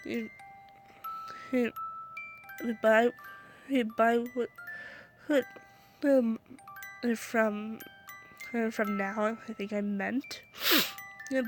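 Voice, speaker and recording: A woman's voice: on the high side, steady tone, very slow, long pauses, soft background music. A young woman reading a fan story aloud into her phone, stumbling and restarting often, her throat scratchy. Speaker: story reader.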